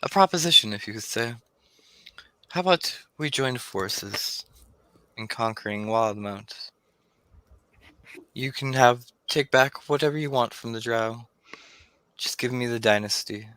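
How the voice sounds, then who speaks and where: A man voicing a scheming villain who offers a dark deal in a smooth, persuasive tone. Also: medium pitch, a little slow, pauses often, no room sound, natural voice, low-quality recording.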